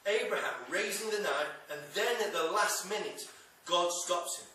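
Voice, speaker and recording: Bright-voiced male preacher in an echoey church. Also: high voice, moderate pace, a little hiss or hum. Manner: wry, conversational preaching with dry humor. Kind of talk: sermon. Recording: echoey church hall from a distance.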